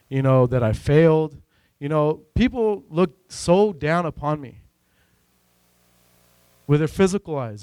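A man giving an earnest, emotional personal faith testimony, rambling and filling pauses with "you know.". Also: a little high, a little mellow, clear, resonant tone, no echo. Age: adult with a son. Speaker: church member giving a testimony.

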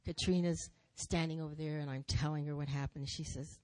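A woman speaking in church, telling her testimony as a lively story with repeated phrases. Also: low voice, brisk, no echo. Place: church sanctuary.

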